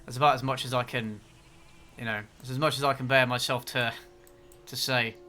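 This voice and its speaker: A man's voice: medium pitch, fairly even intonation, fairly quick, sharp tone, slight background noise. A man chatting casually to viewers while streaming a game, dropping wry, sarcastic asides. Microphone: desk mic with facecam.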